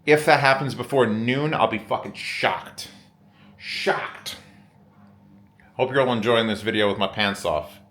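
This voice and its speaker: A man's voice: mid-range voice, moderate pace, few pauses, a bit bright. A man hosting a casual vlog from a hotel room, rambling wryly and swearing often. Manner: rambling, profane and wry. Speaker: vlogger host.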